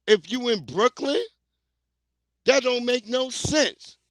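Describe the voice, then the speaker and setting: A man's voice: very high-pitched, expressive, slow pace, dry recording. A middle-aged man, hosting a livestream in a blunt, heated, profane rant. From New York. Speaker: livestream host. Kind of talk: casual ranting commentary.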